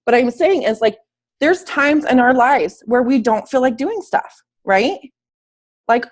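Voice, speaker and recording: A woman's voice: sits high, lively intonation, a little slow. Sick woman coaching a team call. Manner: upbeat and emphatic, with casual slang. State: sick, slightly wheezy. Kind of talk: casual motivational talk. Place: at home, in bed.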